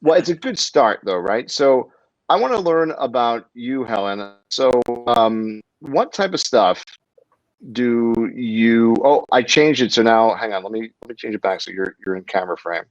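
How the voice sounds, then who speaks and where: A man's voice: mid-range voice, expressive, normal speed, no echo. A man hosting a casual livestream interview, chatty and jokey, often breaking off mid-sentence. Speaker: livestream host. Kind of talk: casual live interview chat. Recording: dull lo-fi livestream audio.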